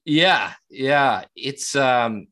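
A man's voice: mid-range voice, animated, very slow, fairly bright tone. A man co-hosting a podcast in casual chat, rambling and cursing with lots of restarts. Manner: rambling, profane, many restarts. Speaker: podcast co-host.

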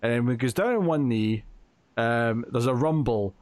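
A man's voice: mid-range voice, expressive, moderate pace, a little mellow, no echo. A man co-hosting a podcast, casually recapping a comic book plot with lots of fillers and quoted lines. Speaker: podcast co-host.

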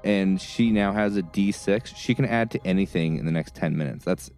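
Deep-voiced halting man player. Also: darkish tone, soft background music. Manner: halting, restarts a lot. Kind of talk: casual tabletop play.

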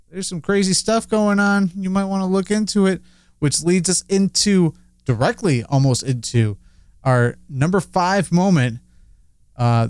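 A man co-hosting a casual talk show with a smooth, clean voice. He rambles excitedly, full of fillers and quick asides. The sound is dry and close to the mic. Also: fairly high pitch, dry recording. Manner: animated, filler-heavy, laughs often. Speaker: podcast co-host. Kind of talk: casual chat.

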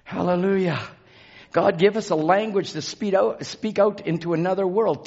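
A man preaching a fervent sermon in a church, shouting and calling out to the congregation. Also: high-pitched, moderate pace, vocal fry, highs cut off. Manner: shouting, call-and-response exhortation. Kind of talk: fervent Pentecostal-style sermon. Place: church sanctuary.

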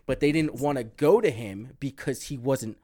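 A man co-hosting a podcast, talking in a loose, profane, animated way with plenty of fillers. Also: mid-range voice, normal speed. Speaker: podcast co-host. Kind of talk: casual chat.

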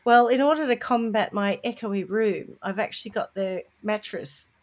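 A woman's voice: medium pitch, moderate pace. Chatty woman podcast host. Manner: chatty, relaxed, rambling. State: recovering from illness. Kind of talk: casual podcast chat. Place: home room padded with soft furnishings.

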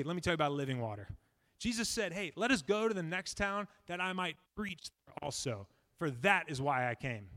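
A young man, a pastoral resident, preaching a sermon to a church, emphatic and repeating key lines slowly for weight. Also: high voice, fairly bright tone, in a large hall. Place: church sanctuary.

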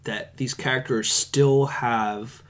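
A man's voice: mid-range voice, slow. A man, co-hosting a laid-back podcast. He tells stories animatedly, slipping into the voices of the people he quotes, in an easy conversational tone. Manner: animated storyteller, acts out quoted dialogue. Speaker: podcast co-host. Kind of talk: casual chat.

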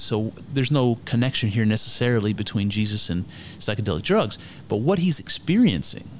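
Man, casual commentary, irreverent, swears, thinks aloud with fillers, middle pitch. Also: darkish tone, a little hiss or hum. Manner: irreverent, frank and conversational, swears freely. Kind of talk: casual spoken commentary on scripture.

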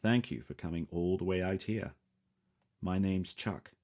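A man's voice: low voice, unhurried, darkish tone, voice pushed up. A man voicing a middle-aged male company boss with a Southern US accent, polite and businesslike in an audiobook. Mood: courteous. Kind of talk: audiobook character voice.

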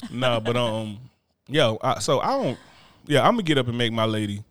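Man, podcast co-host, casual profane banter, average pitch, dry close mic. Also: normal speed, dry recording. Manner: animated, profane, laughing asides.

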